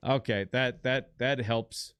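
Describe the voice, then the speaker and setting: Male co-host, middle pitch, blunt and rambling, dry close mic. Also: steady tone, slow pace, fairly bright tone, smooth, no echo. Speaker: podcast co-host. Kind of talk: casual chat.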